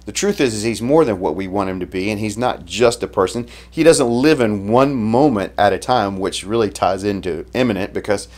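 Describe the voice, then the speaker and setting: A man preaching a sermon in a relaxed, conversational way, retelling the story casually and often restarting his sentences. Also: on the low side, moderate pace, few pauses. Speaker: pastor.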